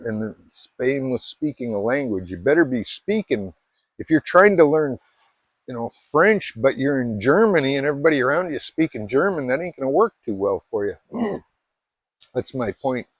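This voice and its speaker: A man's voice: medium pitch, dry recording. Rambling, self-mocking man from Alaska. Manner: rambling, self-deprecating, many restarts. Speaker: vlogger. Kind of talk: casual chat to camera.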